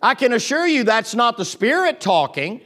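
High-voiced preacher. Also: male voice, moderate pace. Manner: swings from low confiding tones to loud excited preaching, with restarts. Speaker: pastor. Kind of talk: sermon.

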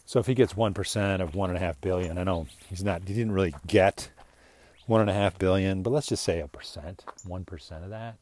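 An older political commentator with a lowish, darkish voice delivers a loose, rambling casual monologue at a brisk pace. He chuckles between points and often slips into mocking voices, with slight background noise.

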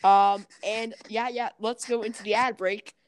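A woman co-hosting a podcast in casual chat, chatty, often correcting herself, and quick to laugh. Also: medium pitch, flat delivery. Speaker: podcast co-host.

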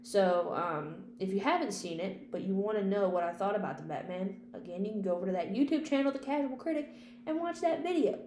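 A woman's voice: mid-range voice, animated, fairly quick, darkish tone. A woman hosting a casual, unscripted podcast, rambling chattily about movies and swearing freely. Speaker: podcast host and film critic. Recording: echoey room with faint hum.

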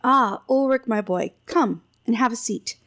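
Brief: gruff old storybook king, grumbling and commanding, gravelly edge, read by a woman. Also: on the high side, measured pace, a bit bright, pitched above the performer's own voice. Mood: jovial. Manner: grumbling, then commanding orders. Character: gruff jovial old king, blunt and impatient.

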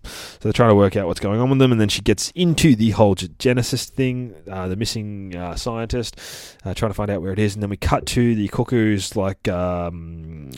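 A man hosting a comic book podcast, gushing and swearing excitedly in a rambling casual review. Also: fairly low pitch, no room sound, clean studio sound. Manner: rambling, with many fillers.

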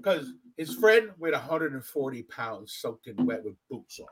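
A man hosting a podcast, telling a story in casual chat, profane and animated, acting out what others said. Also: normal speed, husky, low-quality recording. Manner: animated, profane, acts out quotes with big pitch swings. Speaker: podcast host.

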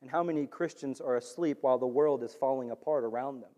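A man preaching a sermon in an animated way, rising to near-shouts for emphasis. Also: mid-range voice, quick pace. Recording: long hall reverb.

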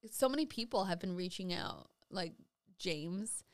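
A woman from Rhode Island with a Rhode Island accent, co-hosting a podcast and telling stories in a chatty, animated way. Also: fairly low pitch, a little slow, no room sound, studio quality. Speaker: podcast co-host. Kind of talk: casual chat.

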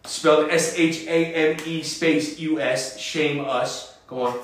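A man's voice: a little high, steady tone, takes it slowly. A man co-hosting a podcast, joking bluntly and bantering with mock outrage. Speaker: podcast co-host. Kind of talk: casual wrestling review chat. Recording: very echoey room, a bit off-mic.

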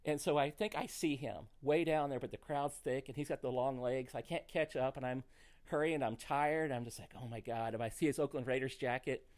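A middle-aged man spins a comic story for a podcast, lively and quick to laugh at his own punchlines. His voice sits at an ordinary middle pitch, unhurried in the setup and livelier as the story builds. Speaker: comedian guest.

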